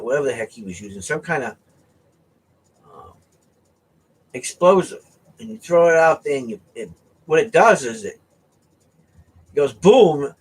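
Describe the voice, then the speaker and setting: With a slightly high, somewhat rough voice, an East Coast American man tells a story in a lively way on his casual home vlog. His sentences frequently end with a tag like "right?" or "okay?".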